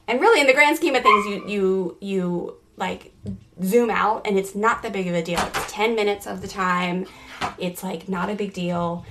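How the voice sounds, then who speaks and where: A woman in her forties, a parenting coach hosting a podcast, telling a family story in a chatty, animated way full of "like" fillers. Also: mid-range voice, moderate pace. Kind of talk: casual storytelling.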